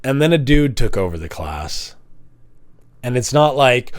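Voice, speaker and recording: A man's voice: medium pitch, measured pace, pauses often, no echo. A man talking casually to camera, telling personal stories and acting out the people in them. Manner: animated, acts out quoted voices. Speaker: vlogger. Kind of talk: casual storytelling monologue.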